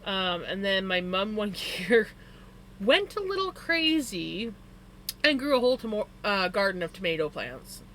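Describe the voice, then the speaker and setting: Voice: medium pitch, big pitch swings, measured pace, sharp tone, slight background noise. A live streamer chatting casually with viewers, telling rambling personal stories full of "like" fillers and stating preferences emphatically. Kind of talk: casual chat to a live audience.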